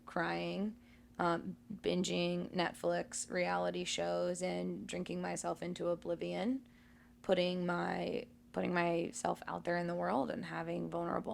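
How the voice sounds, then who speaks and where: A woman co-hosting a conversational podcast, reflecting candidly on her past in a relaxed, storytelling way. Her voice sits a little low and crackles with gravelly fry. She talks easily, with small fillers along the way. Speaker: podcast co-host.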